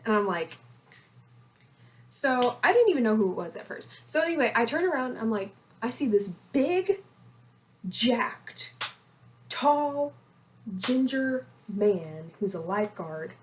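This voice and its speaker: A young woman in her twenties co-hosting a podcast, telling a gossipy story in a lively, animated way. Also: on the high side, a little slow, long pauses, slight background noise. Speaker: podcast co-host. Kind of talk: casual storytelling chat.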